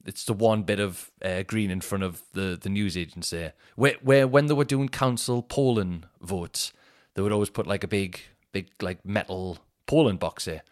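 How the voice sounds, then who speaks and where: A man's voice: deep voice, moderate pace. A man in his thirties with a Northeast English accent, a comedian and podcast host telling stories casually, rambling and restarting often. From Northeast England. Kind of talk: casual storytelling.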